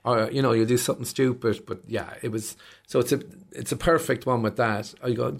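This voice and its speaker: Irish man, 50s, stand-up guest; gravelly, lively yarn-spinner who does the voices. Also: mid-range voice, a little fast. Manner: animated storyteller acting out voices. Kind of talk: casual interview chat.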